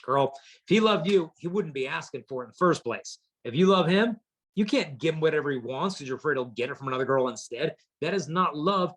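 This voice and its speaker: Husky-voiced man telling punchy stories. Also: fairly high pitch, fairly quick. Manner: lively storyteller acting out quotes; punchy, humorous delivery to teens. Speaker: chastity speaker. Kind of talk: storytelling conference talk.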